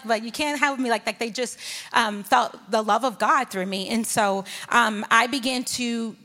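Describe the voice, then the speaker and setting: A woman sharing a personal faith testimony in church, telling her story in a lively way and acting out her conversations with God. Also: fairly high pitch, normal speed. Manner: lively storytelling, acts out her own inner dialogue with God. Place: church sanctuary. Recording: long reverb of a large hall.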